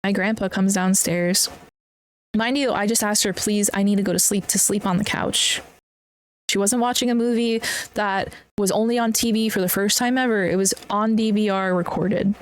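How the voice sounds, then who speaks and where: A woman's voice: mid-range voice, steady tone, moderate pace. A young woman hosting a podcast, telling a personal story bluntly with lots of swearing and plain upset. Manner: blunt and heavily profane, upset while recounting. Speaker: podcast host.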